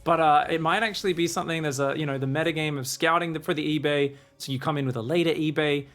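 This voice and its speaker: A man rattles through live esports play-by-play at a quick clip. His voice sits somewhat high, and he drives each point forward with energy and frequent tag questions. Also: steady tone, fairly bright tone, soft background music. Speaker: esports caster.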